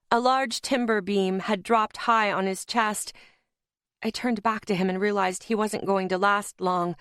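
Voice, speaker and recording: Casting: woman, mid-pitched, first-person audiobook narrator, tense dramatic read, dry close sound. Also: fairly bright tone, dry recording.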